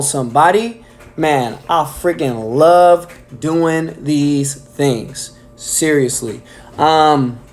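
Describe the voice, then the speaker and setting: Excited guy doing his weekly bible talk, says "man" a ton, super casual. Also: on the high side. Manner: enthusiastic, fills with "man" and "um". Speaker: preacher. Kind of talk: casual devotional message.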